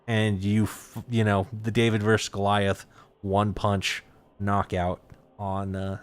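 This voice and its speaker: A man hosts a casual esports talk show in a somewhat low voice. He talks in a laid-back way and fills his pauses with uh and um. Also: monotone, clean tone. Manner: lots of uh and um fillers, laid-back. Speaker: host.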